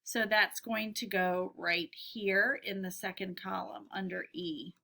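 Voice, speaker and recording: Woman teacher doing a phonics lesson, slow careful talk, bright voice, repeats each word twice. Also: medium pitch, fairly even intonation. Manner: slow, clear word-by-word dictation.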